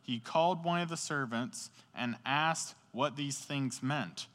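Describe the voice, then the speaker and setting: Slow-talking man preaching in a hall. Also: mid-range voice, a bit bright. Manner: conversational storytelling with slang and audience questions. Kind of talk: casual sermon. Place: indoor hall beside a sports field, rain outside. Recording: echoey hall.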